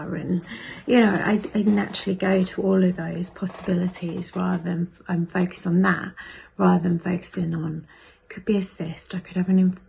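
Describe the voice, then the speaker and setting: Husky half-whispering woman vlogging, gravelly flat voice, anxious. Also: lowish voice, moderate pace, a little hiss or hum. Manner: hushed, half-whispered, worried. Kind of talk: personal vlog confiding to camera.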